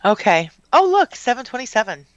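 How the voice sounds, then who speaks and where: A woman's voice: a little high, sing-song, brisk, no room sound, lo-fi sound. Wry female radio co-host. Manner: brief wry interjections. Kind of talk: casual on-air banter.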